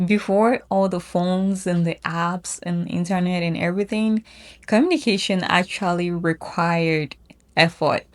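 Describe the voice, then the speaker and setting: A woman hosting a casual explanatory commentary in a chatty way, correcting herself now and then. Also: mid-range voice. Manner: chatty, self-correcting, laughs at own phrasing. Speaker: host.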